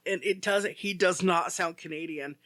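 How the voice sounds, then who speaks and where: Chatty guy on a podcast, high bright voice, dry close sound, rambles with lots of "like". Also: normal speed, dry recording. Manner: rambling storyteller, heavy use of "like". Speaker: podcast co-host. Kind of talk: casual chat.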